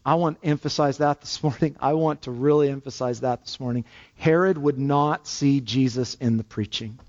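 A man's voice: a little high, dull audio. A man preaching a sermon, emphatic and repeating his key phrases for weight.

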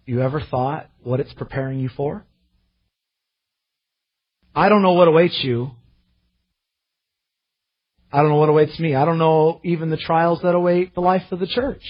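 A pastor preaching a sermon in an earnest way, rising to impassioned readings of scripture. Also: male voice, fairly high pitch, steady tone, normal speed, pauses often, muffled recording.

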